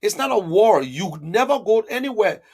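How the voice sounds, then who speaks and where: A man hosting a political live stream fires back at viewer comments, arguing emphatically and repeating himself for emphasis. His voice is fairly high for a man, husky and a little mellow, with big pitch swings at a moderate pace.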